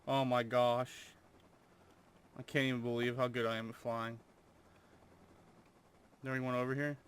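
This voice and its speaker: A man's voice: mid-range voice, flat delivery, measured pace, clear, resonant tone. A young man commentating his own gameplay, full of over-the-top amazement and swearing. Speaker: gamer.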